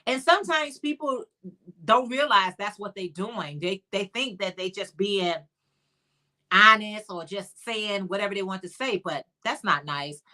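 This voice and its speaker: Woman, Chicago accent, livestream host; bright, chatty, upbeat delivery reading viewer comments. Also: medium pitch, measured pace. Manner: chatty and upbeat, greets viewers by name, calls them honey.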